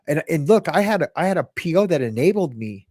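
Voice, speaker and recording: A man's voice: a little high, sing-song, fast, darkish tone, dry recording, clean studio sound. A man hosting a podcast, telling his own recovery story in a casual, rambling way, with many restarts and quoted lines.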